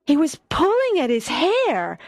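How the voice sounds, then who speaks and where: A woman narrating a story for English learners, slow, clear and expressive. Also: sits high, no room sound, studio quality.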